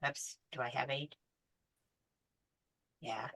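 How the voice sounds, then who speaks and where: A woman's voice: rumbling low, fairly even intonation, slow, fairly bright tone. A woman teaching a beading class step by step, counting beads aloud patiently. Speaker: beading instructor. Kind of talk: step-by-step craft tutorial.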